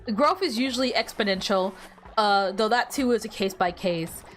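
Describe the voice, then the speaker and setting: A woman's voice: mid-range voice, expressive, normal speed, fairly bright tone, soft background music. A young woman streaming a game and chatting casually, teasing the characters on screen and laughing often. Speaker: gaming streamer. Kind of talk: casual gameplay livestream chat.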